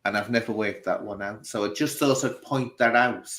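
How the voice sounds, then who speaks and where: A man's voice: fairly low pitch, normal speed, fairly bright tone, low-quality recording. A man hosting a conversation, musing aloud and putting long, loosely strung questions to his guests. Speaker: host. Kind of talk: casual chat.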